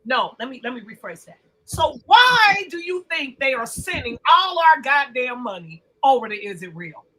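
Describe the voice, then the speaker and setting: A woman's voice: sits high, very animated, moderate pace, bright, forceful tone, rough recording. A woman co-hosting a podcast, ranting bluntly and profanely in casual heated chat. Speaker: podcast co-host.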